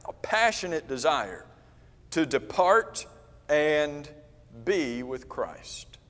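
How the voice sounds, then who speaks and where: A man's voice: fairly high pitch, sing-song, slow, fairly bright tone. A man teaching a Bible class, explaining Greek verb tenses, repeating words for emphasis and calling on class members. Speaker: preacher leading a Bible class. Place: church classroom. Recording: church hall with long reverb.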